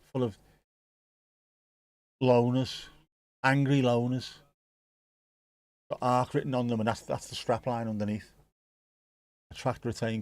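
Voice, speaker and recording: During a live football watch-along, a man offers casual match commentary, rambling on, cracking jokes and swearing without restraint. He has a mid-range, darkish voice, recorded with no room sound.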